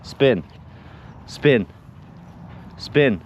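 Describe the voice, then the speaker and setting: A man's voice: mid-range voice, normal speed, lo-fi sound, slight background noise. A man chatting casually on an outdoor livestream while training his dog, rambling with restarts and giving short firm commands. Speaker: dog owner and co-host. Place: outdoors in a park.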